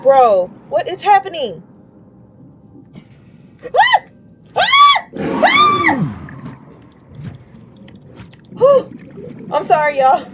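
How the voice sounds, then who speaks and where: A woman's voice: extremely high pitch, background noise. A woman chatting casually while streaming a game, rambling and shrieking when startled. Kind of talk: casual gameplay commentary.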